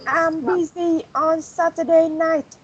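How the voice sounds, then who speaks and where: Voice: very high-pitched, steady tone, slow, dull audio. An English student carefully reading practice dialogues aloud in a lesson.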